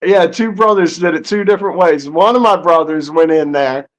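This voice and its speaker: A man's voice: fairly high pitch, moderate pace. A man telling a crude story among friends in casual banter. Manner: rowdy storyteller, crude humor.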